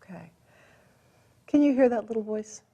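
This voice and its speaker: Gentle woman guiding a tapping session. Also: on the high side, animated, normal speed, highs cut off. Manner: gentle, encouraging, coaching. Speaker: tapping practitioner.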